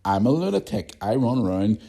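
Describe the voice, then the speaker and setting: Northern Irish male podcast host, thirties, low mellow voice, blunt sweary ranter. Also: very animated, brisk, gravelly. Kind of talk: casual ranting monologue.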